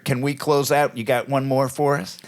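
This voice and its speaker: A man hosting a casual interview in a recording studio, relaxed and prompting with short remarks. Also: medium pitch, normal speed. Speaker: podcast host.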